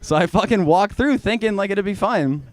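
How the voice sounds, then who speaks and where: A man's voice: high voice, animated, normal speed, no echo. A young man from Georgia doing a rambling, profane stand-up set in a small venue. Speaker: stand-up comedian.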